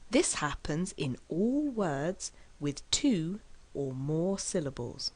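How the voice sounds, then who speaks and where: A woman with a low voice teaches an English lesson at a slow, unhurried pace. She enunciates carefully and deliberately, leaning hard on stressed syllables. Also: sing-song, dark tone. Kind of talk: scripted lesson delivery.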